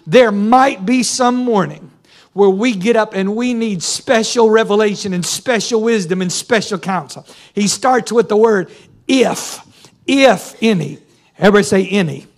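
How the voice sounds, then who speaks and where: A man preaching a sermon, folksy and calling on the congregation to answer. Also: high-pitched. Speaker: pastor. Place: church sanctuary.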